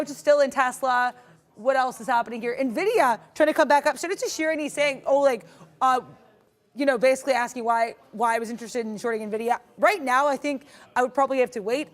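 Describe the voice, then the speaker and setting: A young woman co-hosting a live day-trading stream, talking in a chatty, enthusiastic way. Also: sits high. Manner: chatty, enthusiastic, many fillers and restarts.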